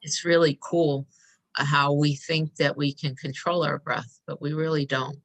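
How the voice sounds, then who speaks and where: Soft-spoken woman guiding a meditation. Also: sits low, level tone, measured pace. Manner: soft, emotional, inviting. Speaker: host. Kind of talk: guided meditation talk.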